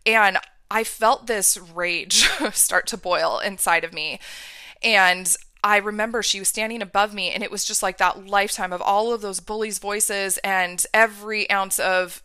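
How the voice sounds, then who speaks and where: Woman host, bright tense tone, emphatic and candid, close dry sound. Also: medium pitch, smooth, no echo. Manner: emphatic, candid, acts out remembered dialogue. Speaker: podcast host. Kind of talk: personal storytelling monologue.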